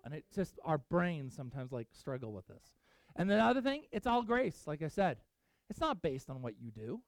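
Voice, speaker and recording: A man's voice: sits high, a little mellow, no room sound. A man preaching a sermon, earnestly acting out the voices of the people in the stories he tells. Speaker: pastor.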